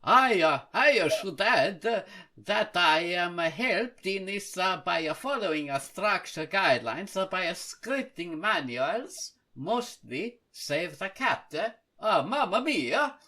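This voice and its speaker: A man's voice: high-pitched, big pitch swings, takes it slowly, pushed and bright, heavily acted. A man voicing an exuberant Italian-accented man, reading a forum post aloud with many hesitant uhs and exclamations. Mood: earnest.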